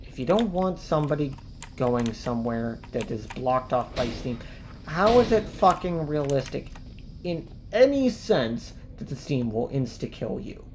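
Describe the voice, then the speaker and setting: Low-voiced woman ranting at a game. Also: lively intonation, a little slow, noisy background. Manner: swearing, ranting, rising angry outbursts. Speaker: streamer playing a video game. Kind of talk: casual gameplay commentary.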